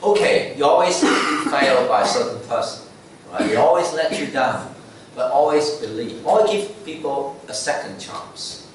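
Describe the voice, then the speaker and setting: In a church sanctuary, a lay preacher delivers his sermon in a chatty way, often tacking on "okay?" and "right?" He speaks at medium pitch, animated but unhurried. The sound echoes, the microphone sits at a distance, and there's slight background noise.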